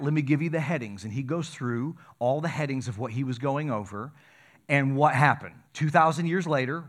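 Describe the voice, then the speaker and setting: A man, a middle-aged pastor, preaching a conversational sermon that grows animated and excited. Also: mid-range voice.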